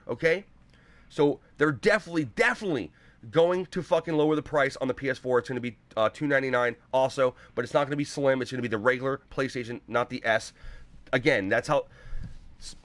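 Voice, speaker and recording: A man hosting a live gaming show on a headset mic, ranting angrily with constant swearing and bursts of shouting. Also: on the high side, no echo. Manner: angry, profane, shouting at times.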